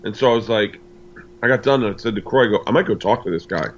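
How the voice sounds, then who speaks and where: A middle-aged American comedian, guesting in a casual interview, tells a long personal story and acts out the dialogue. His voice is on the low side and fast, and the sound is lo-fi.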